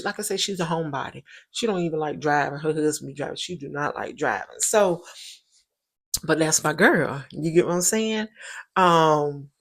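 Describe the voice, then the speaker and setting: A woman, hosting a show and telling a personal story in a casual, emphatic way, often repeating her points for stress. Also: fairly low pitch. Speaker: show host.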